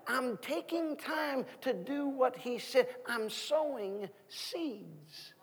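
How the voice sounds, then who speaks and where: A man in his thirties preaching a sermon as guest minister, asking the congregation questions in an animated way. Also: extremely high pitch, takes it slowly, hardly any pauses, slightly rough, long reverb tail. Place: church sanctuary.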